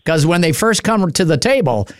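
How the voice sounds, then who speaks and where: A male radio host with a high, lively voice jokes with a caller in quick asides. His pitch swings up and down as he talks. The sound is close and dry, with no echo. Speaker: radio talk show host. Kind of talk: casual chat.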